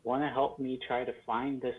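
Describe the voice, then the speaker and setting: A man's voice: medium pitch, flat delivery, moderate pace, phone-quality sound. A young man playing a tabletop game with friends, chatty and apologetic. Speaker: player. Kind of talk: casual tabletop game chat.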